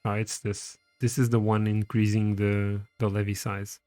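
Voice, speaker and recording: A man's voice: on the low side, little pitch movement, normal speed, mellow, dry recording, faint music behind. A man casually commenting on his strategy game and reading its text aloud as he plays. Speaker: streamer playing a strategy game.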